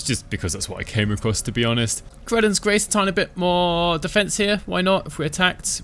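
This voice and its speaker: A man giving relaxed, chatty commentary over his own gameplay, thinking aloud as he plays. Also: medium pitch, slight background noise. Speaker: gaming channel host.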